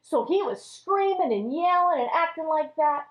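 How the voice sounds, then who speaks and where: A woman teaching a children's Sunday school lesson, telling the story in an animated way and addressing the kids as friends. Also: sits high, moderate pace. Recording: echoey room, dull lo-fi audio.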